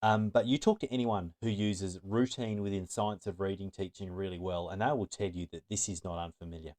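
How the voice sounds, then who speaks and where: Middle-aged guy presenting to teachers, lowish voice, earnest and emphatic, trips over words a bit. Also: steady tone, brisk, darkish tone. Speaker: teacher trainer.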